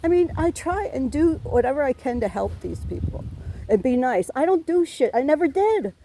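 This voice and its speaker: A woman's voice: sits high, very animated, moderate pace, mellow, a little hiss or hum. A middle-aged woman telling a police officer about a neighbor's harassment, rambling and aggrieved, swearing and restarting her sentences. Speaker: tenant reporting harassment to police. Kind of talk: emotional complaint to an officer.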